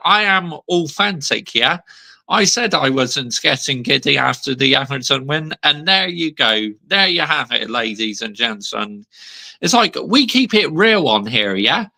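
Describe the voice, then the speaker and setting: A man's voice: fairly high pitch, big pitch swings, a little slow, gravelly, bright, forceful tone. A man in his thirties ranting on a fan vlog, heated and sweary, still seething after a defeat. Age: 30s. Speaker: football fan vlogger.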